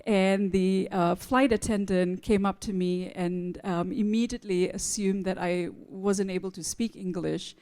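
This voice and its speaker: A woman who came to the United States from abroad, moderating a live panel and telling a humorous, animated story. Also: medium pitch, measured pace, few pauses. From outside the United States.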